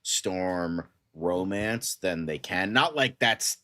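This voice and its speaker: A man's voice: deep voice, expressive, slow, bright, forceful tone, no echo, studio quality. A man from Connecticut co-hosting a pop-culture podcast, chatting casually and animatedly, with offhand swearing. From Connecticut, USA. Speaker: podcast co-host. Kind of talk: casual chat.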